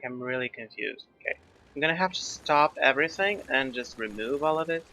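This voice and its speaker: A man's voice: medium pitch, pushed and bright. A young man who is not a native English speaker, with an accent that mixes British and American, chatting through gameplay while thinking aloud and joking at his own expense. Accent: mixed British and American. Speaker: gaming YouTuber. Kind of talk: casual gameplay commentary. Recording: slightly dull lo-fi mic, faint background music.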